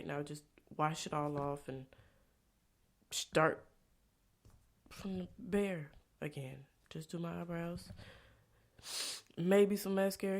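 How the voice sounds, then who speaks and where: A woman vlogger telling a candid personal story in a blunt, profane way. She drops into low confiding tones and jumps to loud, exasperated outbursts, tagging lines with rhetorical questions. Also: vocal fry.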